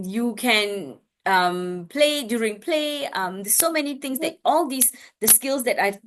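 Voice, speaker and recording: Chatty woman speech therapist, many restarts. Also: mid-range voice. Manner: acts out lively sing-song examples. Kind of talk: parenting webinar talk.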